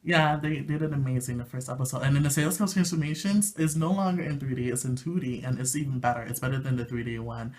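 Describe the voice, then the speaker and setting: A man giving a casual, rambling video review, gushing with excitement and often dropping to soft murmurs. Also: medium pitch, fast talker, hardly any pauses. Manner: rambling with many fillers and restarts. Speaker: anime reviewer.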